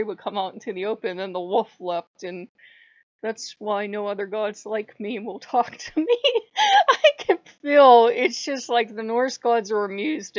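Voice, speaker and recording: A woman hosting a casual spiritual vlog, telling a rambling, animated story and laughing often. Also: medium pitch, no echo. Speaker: channel host. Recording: dull lo-fi dry recording.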